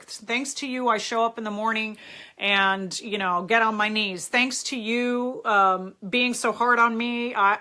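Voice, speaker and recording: Middle-aged woman on a live stream, bright voice, kinda high, earnest and encouraging. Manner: earnest and encouraging, chats with viewers between points. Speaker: host answering viewer questions on a live stream. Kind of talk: casual live-stream advice talk.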